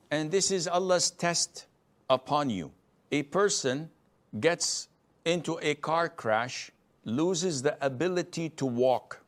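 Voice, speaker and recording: A middle-aged man giving a religious lecture as a scholar answering a question, emphatic and at times mimicking complainers. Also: fairly high pitch. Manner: emphatic, acts out complainers' voices.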